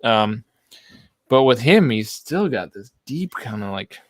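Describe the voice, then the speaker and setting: A man hosting a live-stream show in loose, rambling casual chat, full of fillers and asides. His voice sits at an everyday middle pitch and is recorded dry and close, with no room echo. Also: unhurried. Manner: rambling, animated, lots of fillers. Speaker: podcast host.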